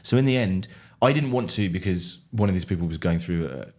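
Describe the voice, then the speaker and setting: A middle-aged man from England with a fairly low voice, telling dry, self-deprecating stories as a podcast guest. He talks in a relaxed, conversational way, close to a studio mic. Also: fairly quick. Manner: wry, self-deprecating anecdotes. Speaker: comedian guest. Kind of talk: casual chat, storytelling.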